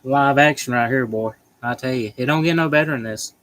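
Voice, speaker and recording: A man's voice: mid-range voice, brisk, a bit bright, rough recording. A man hosting a casual livestream, reading viewer comments aloud in a chatty, joking way. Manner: chatty, joking, laughs often. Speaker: livestream host.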